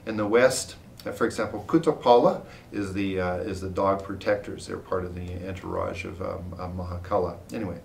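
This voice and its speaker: A man teaching a class, reading a ritual text aloud and explaining it, pausing often with fillers and correcting himself. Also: gravelly, darkish tone. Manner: halting, many uh fillers and self-corrections. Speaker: Buddhist teacher. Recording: roomy, distant mic with faint rumble.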